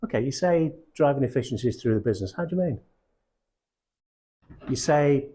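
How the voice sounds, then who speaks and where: A man's voice: medium pitch, moderate pace, pauses often, warm tone, husky. A middle-aged man coaching recruiters, blunt and casual, swearing freely and checking in with his audience. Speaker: sales coach. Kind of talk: live coaching session.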